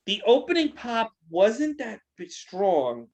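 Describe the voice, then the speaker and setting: A young man with a slightly high voice shares blunt, critical takes in a casual post-show chat. He often hesitates and restarts his sentences as he talks. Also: wildly swooping pitch, slow, poor audio. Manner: blunt, critical opinions with filler words. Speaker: podcast co-host.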